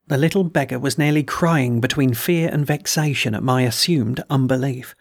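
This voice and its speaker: A man narrates an audiobook with a gravelly, textured voice at a middling pitch. His reading is measured and steady, in the manner of a practised storyteller. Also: no echo, studio quality. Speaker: audiobook reader and podcast host.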